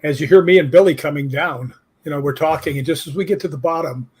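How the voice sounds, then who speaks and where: Older man, husky, fairly high voice, casual guest telling rambling anecdotes. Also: fast, a little mellow. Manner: rambling anecdotes with asides, quotes his own questions. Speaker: guest ghost hunter. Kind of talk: casual interview storytelling.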